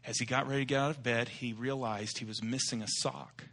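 Bright-voiced male pastor telling a story. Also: mid-range voice, steady tone, brisk. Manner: storytelling, acts out voices, loose and rambling. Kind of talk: sermon with a told joke.

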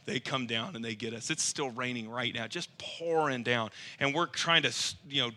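A man preaching through a lively, self-mocking personal story. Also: mid-range voice, moderate pace. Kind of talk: storytelling sermon.

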